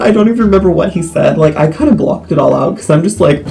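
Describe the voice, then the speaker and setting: A teenage boy telling a story to the camera in a rambling way, full of "like" and quick asides. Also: a little high, gravelly, faint music behind, low-quality recording. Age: teens. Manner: rambling with many likes, animated retelling. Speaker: vlogger.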